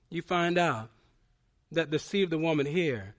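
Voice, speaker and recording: A man preaching a sermon, moving from quiet, low explanation to loud, fervent climaxes, often restarting words mid-sentence. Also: big pitch swings, normal speed. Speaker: pastor.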